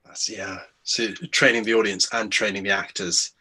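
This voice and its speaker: A man's voice: fairly low pitch, fairly even intonation, moderate pace, sharp tone, slightly rough. A young man interviewing, asking questions hesitantly with many restarts. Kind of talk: conversational interview.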